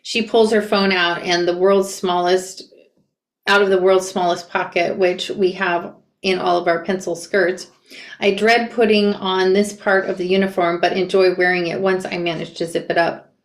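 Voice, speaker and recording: A woman's voice: lowish voice, normal speed. Woman reading aloud in an echoey room. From Portland, Oregon, USA. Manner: casual, animated, chatty asides. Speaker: book reader and commentator. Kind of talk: reading a memoir aloud with reactions.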